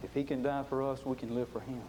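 A man preaching a sermon with passion, swinging from loud to hushed. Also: medium pitch, fairly even intonation, quick pace, noisy background.

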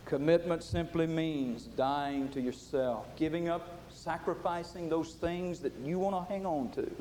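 Preacher guy, warm higher voice, goes from loud to hushed, really fired up. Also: unhurried, a little hiss or hum. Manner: impassioned, swinging from loud to hushed. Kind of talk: sermon.

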